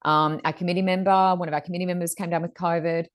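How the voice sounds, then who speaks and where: A woman's voice: lowish voice, little pitch movement, quick pace. A woman, co-hosting a casual chat and talking in long rambling runs with fillers. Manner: rambling, chatty, many fillers. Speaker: podcast co-host.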